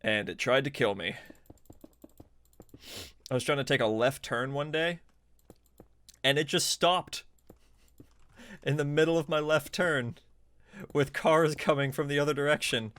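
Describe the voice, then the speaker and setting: A man streaming a video game, chatting casually with viewers, laughing often and reacting excitedly. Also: a little high, unhurried, pauses often, dry recording. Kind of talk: casual live gameplay commentary.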